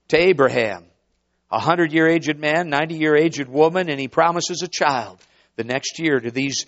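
A man's voice: medium pitch, muffled recording. A man preaching a sermon, dramatic and rhetorical, calling out to the congregation. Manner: dramatic, swooping, rhetorical, call-and-response.

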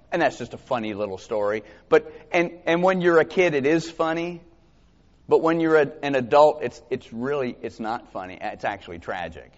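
A man preaching a sermon in a slightly high voice, earnest and halting as he restarts his phrases and reads scripture aloud. His voice rings out with a long echo through a church hall. The recording is dull and lo-fi. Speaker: pastor. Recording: echoey hall, dull lo-fi sound.

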